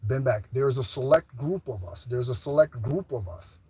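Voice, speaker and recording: A man's voice: medium pitch, lively intonation, normal speed, mellow, breathy edge. A middle-aged man giving a rambling spiritual monologue, casual and profane, often checking in with "okay?" and "right?". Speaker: spiritual channel host.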